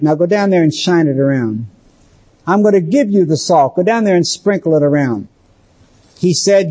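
A man preaching a sermon, emphatic and slowing down to stress key phrases. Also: fairly high pitch, lively intonation, mellow.

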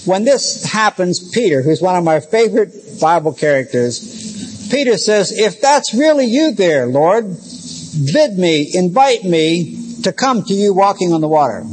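A man teaching as a pastor, reading scripture and retelling it in a lively storytelling way. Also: a little high, a little hiss or hum, poor audio. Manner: storytelling, animated, with quoted voices. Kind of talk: Bible teaching.

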